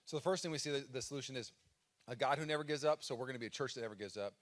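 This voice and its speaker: This American man in his thirties is a pastor delivering a live sermon in a church auditorium through a stage mic. He talks very fast in a mid-range voice, telling stories with animation and acting out his own cries dramatically.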